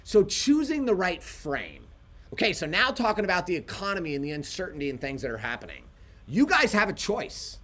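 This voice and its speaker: A man co-hosting a casual livestream, telling animated stories and quoting himself along the way. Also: high voice, fairly quick. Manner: animated storytelling, quotes himself. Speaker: livestream co-host.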